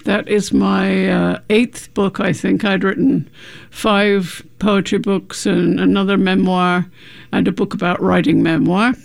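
An older woman from England with a croaky voice, chatting unhurriedly as a guest author in a radio interview. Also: mid-range voice, flat delivery, unhurried.

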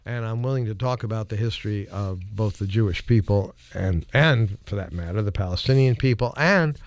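A man's voice: lowish voice, brisk, no room sound. A man hosting a call-in radio show who laughs easily and talks with many hesitant fillers. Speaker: radio talk show host.

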